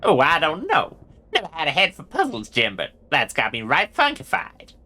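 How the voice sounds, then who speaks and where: A rowdy Old West cowboy sidekick hollers in folksy slang, as a man puts him on. The voice sits well above the performer's usual pitch, and it swoops up and down with a bright edge. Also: wildly swooping pitch, normal speed, exaggerated voice. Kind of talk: game voice acting.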